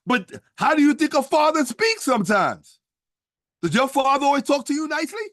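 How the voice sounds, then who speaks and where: High-voiced man lecturing emphatically. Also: very animated, brisk, a bit bright, no echo, studio quality. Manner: emphatic, rhetorical, profane, asks the listener questions. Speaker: streamer and history commentator. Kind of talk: casual lecturing talk on a stream.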